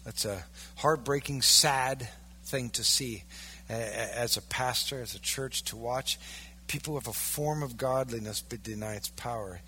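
A male pastor preaching a sermon, emphatic, swinging from loud, stressed peaks down to low, quiet lines. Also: a little slow, a little hiss or hum.

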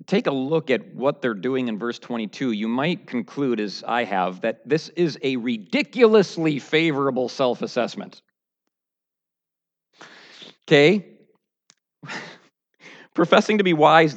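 A man preaching a verse-by-verse sermon, dropping to low, quiet musing and then rising to loud, high mocking outbursts. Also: dull audio.

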